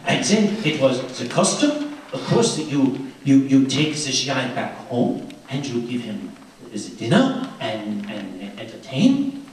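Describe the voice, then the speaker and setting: A man doing a petite, very proper elderly French lady with a soft French accent, pausing and restarting as she reminisces. Her voice dips low and quiet, and it carries the echo of a big room picked up from afar with faint noise underneath. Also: very animated. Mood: reminiscing. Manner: halting, gentle French-accented storytelling. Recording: echoey room, distant mic, faint noise.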